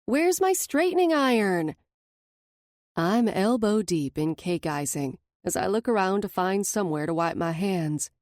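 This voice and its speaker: A woman's voice: lowish voice, moderate pace, few pauses, a little mellow, no echo, studio quality. A woman narrating a first-person romance audiobook in a wry, lightly sarcastic manner.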